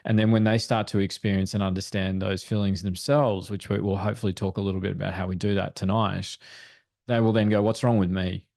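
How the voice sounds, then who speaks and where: A man's voice: lowish voice, little pitch movement, quick pace, vocal fry, a little mellow, no room sound, studio quality. A man speaking as a parenting expert guest in a webinar discussion, explaining in an earnest way. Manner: earnest, explanatory, acts out quoted thoughts.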